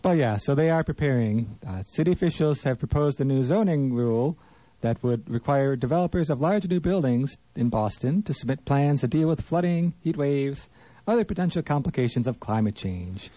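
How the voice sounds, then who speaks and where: A man co-hosting an easygoing news show, reading items plainly and laughing along with his partner. His voice is mellow and the sound is dry, with no room around it. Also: mid-range voice, animated, normal speed, no room sound, low-quality recording. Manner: laughs often, reads stories in plain delivery. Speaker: co-host. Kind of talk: casual news chat.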